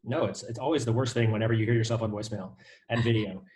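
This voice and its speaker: Fast-talking man co-hosting casually. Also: on the low side, darkish tone. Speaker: co-host. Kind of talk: casual chat.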